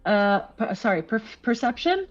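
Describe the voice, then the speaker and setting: A woman playing in a tabletop game, flustered and quick to swear. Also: on the high side, sing-song, muffled recording, soft background music. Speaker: player. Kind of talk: casual tabletop game chat.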